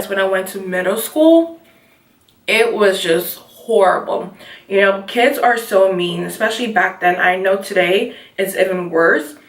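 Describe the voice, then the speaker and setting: A woman's voice: mid-range voice, roomy sound, far from the mic. A woman in her twenties, from Nigeria, talking casually and rambling through a get ready with me vlog. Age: 20s. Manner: casual, rambling, keeps saying you guys. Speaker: beauty vlogger.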